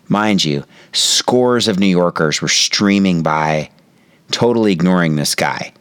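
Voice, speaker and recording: A man with a very low voice speaks as a meditation teacher, telling a reflective story. He talks calmly and slows down to stress key moments. The recording is dry and close. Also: smooth, no echo. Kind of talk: reflective spoken talk.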